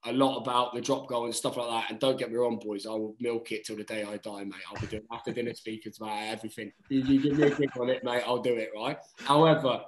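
A man in his thirties, a guest on a podcast, telling stories in animated casual chat. He swears freely and keeps saying "mate.". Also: mid-range voice, quick pace, few pauses, a little hiss or hum. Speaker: guest, rugby player. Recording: roomy echo.

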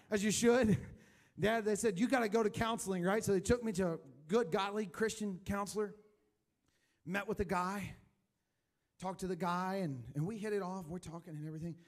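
A man preaching a sermon in church, telling his personal testimony, rising loud for emphasis and dropping to a hushed voice when emotional. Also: sits high, steady tone, moderate pace, pauses often. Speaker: pastor.

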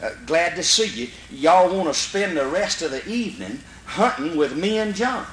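A man with a Mississippi accent voicing a rich old landowner who speaks in a polite, unhurried drawl. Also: a little high, lively intonation, fairly bright tone, echoey room, recorded from a distance, slight background noise, low-quality recording. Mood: friendly.

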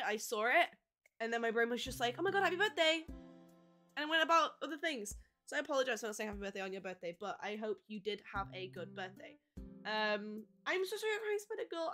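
Bubbly high-voiced woman streamer. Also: sharp tone. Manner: bubbly, giggly, greets and answers chat. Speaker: live streamer. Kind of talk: casual chat with viewers. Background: faint music.

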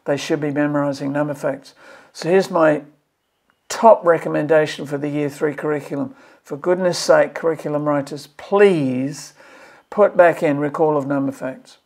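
Gravelly, impassioned man. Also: a little high, steady tone, normal speed, a little mellow. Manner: passionate, emphatic, exasperated pleading. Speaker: maths educator reviewing curriculum. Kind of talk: video commentary on a curriculum draft.

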